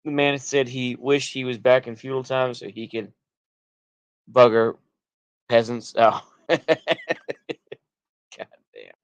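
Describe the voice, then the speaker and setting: A man's voice: mid-range voice, little pitch movement, slow pace, pauses often, clean tone, no room sound. Rambling Texan man, slightly drunk-sounding. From United States. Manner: loose, rambling, restarts and trails off. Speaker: streamer. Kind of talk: rambling livestream talk reacting to chat.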